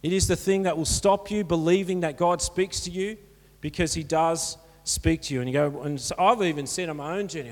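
Preaching in a church hall whose reverb colors the sound, a male pastor talks a little fast in a fairly high voice. His sermon is earnest and encouraging, delivered conversationally.

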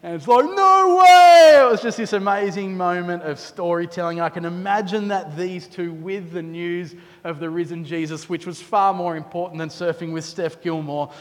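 Male pastor preaching, high voice. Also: moderate pace, few pauses. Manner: storytelling, animated with quoted asides. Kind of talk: sermon. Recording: long hall reverb.

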